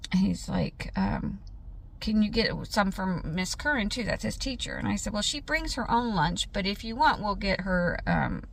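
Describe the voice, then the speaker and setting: A woman's voice: mid-range voice, vocal fry, a bit bright. A woman vlogging in a chatty storytelling way, laughing often and acting out what was said. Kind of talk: casual vlog chat.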